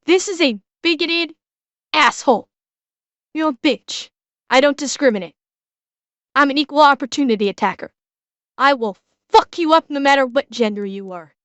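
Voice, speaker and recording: A woman's voice: high-pitched, a bit bright, dry recording. A woman streamer reacting to a video, ranting bluntly with heavy swearing.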